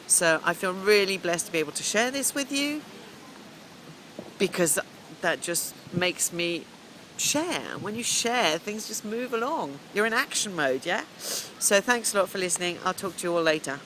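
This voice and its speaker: A woman's voice: lowish voice, animated, moderate pace, a bit bright, a little hiss or hum, rough recording. A middle-aged woman coach telling a long, rambling story in a casual vlog, chatting away as she goes. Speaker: business coach.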